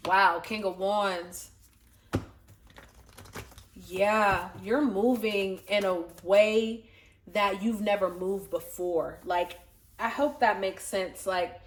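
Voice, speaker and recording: A woman giving a casual tarot reading to her viewers, excitable, swearing freely and laughing often. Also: mid-range voice. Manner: excitable, profane, talks straight to viewers. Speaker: tarot reader.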